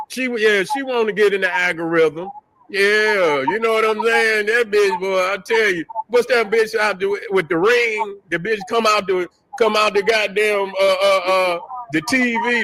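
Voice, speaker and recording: This man hosts a show and has a high, sharp-toned voice, captured in a dry, low-quality recording. His casual commentary is a profane, jokey rant full of trash talk, and he cracks up at his own lines.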